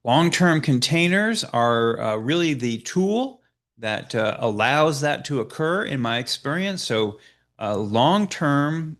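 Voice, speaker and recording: Lively-voiced man coaching with many uh's. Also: medium pitch. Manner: hesitant, frequent "uh" fillers and restarts. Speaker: business coach. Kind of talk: slide presentation.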